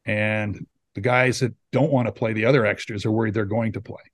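A man in his fifties from Saskatchewan, Canada, a former hockey player appearing as a podcast guest, tells casual, rambling stories and acts out the quotes. His voice is lowish and steady, a little fast, recorded with no echo.

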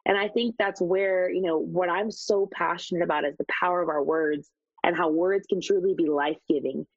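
Husky-voiced woman host, affirming. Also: on the low side, steady tone, normal speed, no room sound. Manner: warm, affirming, enthusiastic. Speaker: podcast host. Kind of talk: conversational interview. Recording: dull, dry sound.

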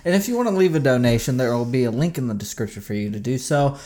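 A man's voice: medium pitch, lively intonation, quick pace, dark tone. A man co-hosting a casual podcast, joking and laughing as he talks. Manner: jokey, laughing, trails into silly voices. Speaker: podcast co-host.

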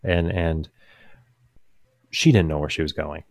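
A young man with a low, deep voice tells a rambling, amused story in a casual chat. He is recorded dry and close, with no room sound. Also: fairly even intonation, measured pace, no echo. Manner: rambling, amused, lots of fillers and restarts.

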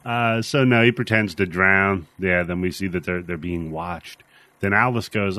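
A man's voice: low-pitched, measured pace, pushed and bright, no echo. A man co-hosting a podcast, laid-back and laughing often as he recaps scenes. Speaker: podcast co-host. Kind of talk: casual chat.

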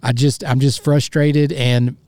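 A man's voice: medium pitch, little pitch movement, measured pace, warm tone, dry recording. A man hosting a solo sports podcast, talking in a frustrated, fired-up way with stammering restarts.

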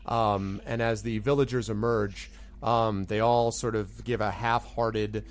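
A man's voice: on the low side, fairly even intonation, measured pace. A man narrating as game master of a tabletop game, laid-back and hesitant with many fillers.

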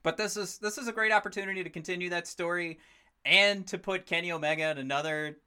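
A man in his thirties co-hosting a podcast in casual chat, excitable and rambling, swearing freely as he talks. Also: high-pitched, fast, clean tone. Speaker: podcast co-host.

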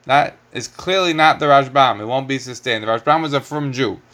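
A man's voice: mid-range voice, brisk, fairly bright tone. A middle-aged man teaching a Torah class, lecturing with rhetorical questions and lots of Hebrew terms.

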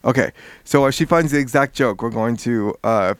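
A man recapping a story in casual chat, animated and swearing freely. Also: mid-range voice, normal speed, no echo, clean studio sound. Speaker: podcast co-host.

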